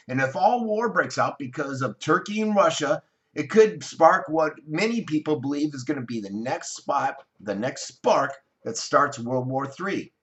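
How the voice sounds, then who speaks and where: American guy ranting about the news, bright voice, kinda rambly, fixes his words a lot. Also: a little high. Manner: opinionated, rambling, self-correcting. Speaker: news commentator. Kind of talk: casual online news commentary.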